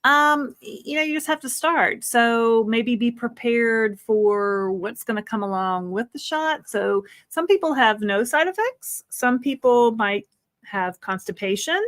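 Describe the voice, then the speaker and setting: A woman's voice: on the high side, expressive, a little slow, a bit bright, no echo, studio quality. A middle-aged woman co-hosting a live stream, chatting casually, laughing often and giving practical advice. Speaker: co-host of a weight-loss livestream.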